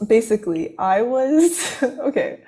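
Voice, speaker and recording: A woman's voice: a little high, sing-song, takes it slowly, dark tone. A young woman, a college student, telling a long story in casual chat, full of fillers and restarts. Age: young adult. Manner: rambling, filler-heavy, self-interrupting.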